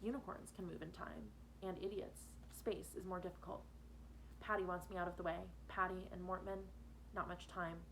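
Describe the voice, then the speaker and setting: A woman's voice: fairly low pitch, steady tone, moderate pace, vocal fry, fairly bright tone, slight background noise, rough recording. A woman teacher reading a novel aloud to her students, changing her voice for each character.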